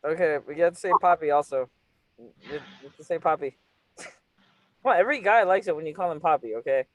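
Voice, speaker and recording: A man's voice: a little high, expressive, fairly quick, rough recording. A man hosting a casual, flirty interview, teasing his guest and laughing often. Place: California.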